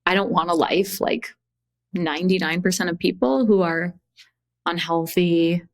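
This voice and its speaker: A young woman hosting a podcast, telling a personal story in a candid, animated way, acting out dialogue and swearing freely. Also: lowish voice, a little slow, dry recording. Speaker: podcast host and coach.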